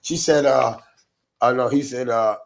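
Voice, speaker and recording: A man co-hosting a casual podcast livestream, telling stories loudly and mimicking other people's voices. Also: medium pitch, a little slow, creaky, a little hiss or hum. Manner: animated, loud storytelling with mimicked voices. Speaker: podcast co-host.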